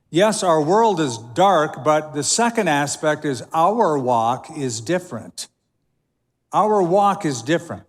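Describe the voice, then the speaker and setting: Emphatic male pastor in a reverberant hall. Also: on the high side. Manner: emphatic preaching with dramatic pauses. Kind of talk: sermon.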